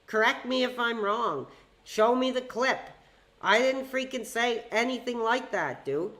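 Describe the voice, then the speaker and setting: A woman's voice: a little high, a little slow, fairly bright tone. A woman hosting a live stream with fan call-ins, talking in a heated, ranting way with frequent swearing. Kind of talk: live-stream chat with fans.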